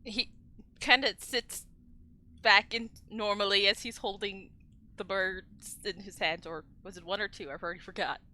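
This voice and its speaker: A woman player narrating her character's actions in a tabletop game, in a lively, chatty way. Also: mid-range voice, normal speed.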